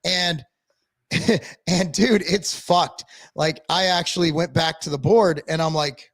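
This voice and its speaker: A man's voice: on the high side, fairly even intonation, no room sound. A man co-hosting a casual live-stream talk show, ranting bluntly with lots of swearing and restarts. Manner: blunt, profane, rapid rambling with restarts. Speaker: podcast co-host. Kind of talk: casual chat.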